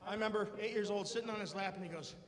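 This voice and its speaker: A man's voice: high-pitched, fairly even intonation, rapid-fire, in a large hall, a crowd in the background. A man doing a stand-up comedy set on stage, telling playful stories about his family and acting out their voices. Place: comedy stage before a live audience.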